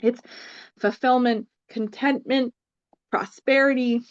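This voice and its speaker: A woman's voice: a little high, fairly even intonation, slow pace, dull audio. A woman co-hosting a casual chat about tarot cards, thinking aloud with many fillers. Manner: thoughtful, lots of fillers. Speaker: tarot reader and co-host.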